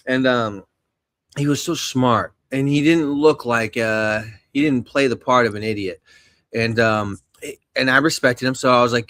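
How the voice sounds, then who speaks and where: A man's voice: mid-range voice, steady tone, moderate pace, fairly bright tone, dry recording, studio quality. A man hosting a casual, profane chat who jokes loosely and acts out the people he quotes.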